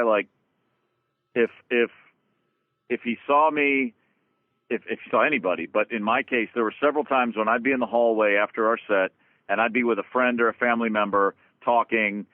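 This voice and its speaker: A man's voice: medium pitch, no echo. Man telling tour stories over a tinny line. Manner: animated, swears freely, stumbles and restarts. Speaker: guest musician, drummer. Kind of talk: casual storytelling interview. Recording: dry, phone-like lo-fi sound.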